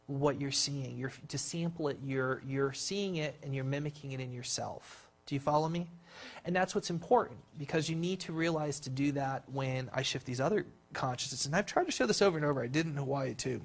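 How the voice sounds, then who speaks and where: A workshop leader talking a live group through a guided exercise, acting out scenes with sudden jumps in pitch and often repeating words and restarting. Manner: animated, acts out scenes with big jumps in pitch.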